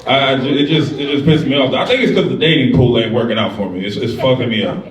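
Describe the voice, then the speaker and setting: Profane stand-up comedian in an echoey club. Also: male voice, medium pitch, quick pace. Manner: profane, animated storytelling. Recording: echoey club, distant mic, loud crowd. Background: crowd laughter.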